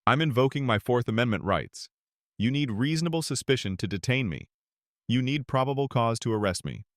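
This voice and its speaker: Steady assertive veteran cop, composed under pressure, dry close sound, read by a man. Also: medium pitch, brisk, dry recording, pitched above the performer's own voice, lightly acted. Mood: firm, composed. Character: calm, firm veteran male police sergeant.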